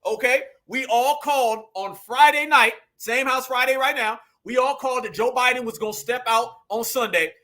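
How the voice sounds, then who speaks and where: Animated, high-voiced male commentator. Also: moderate pace, hardly any pauses. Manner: animated, addresses viewers as family and y'all. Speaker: host of a political commentary channel. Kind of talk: casual commentary reacting to clips.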